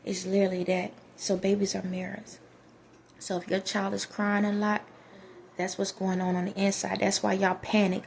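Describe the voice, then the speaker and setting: A woman's voice: medium pitch, level tone, normal speed, creaky, a little mellow, a little hiss or hum. A woman vlogger giving casual spiritual advice to her viewers, emphatic and preachy, often repeating herself.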